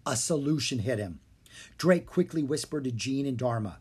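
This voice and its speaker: A narrator reading a children's fantasy book aloud with steady storytelling. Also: mid-range voice, normal speed, husky. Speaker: audiobook narrator.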